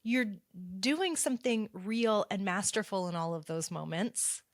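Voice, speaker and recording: A woman co-hosting a podcast, speaking in a thoughtful, drawn-out and appreciative way. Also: medium pitch, animated, no room sound, clean studio sound. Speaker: podcast co-host. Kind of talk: reflective podcast conversation.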